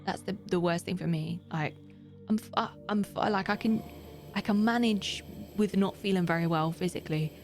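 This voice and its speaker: Female streamer, chatty and direct with viewers, voice with a fry edge. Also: on the low side, moderate pace, a little mellow, soft background music. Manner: chatty, talks straight to viewers. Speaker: live streamer. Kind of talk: casual gaming stream chat.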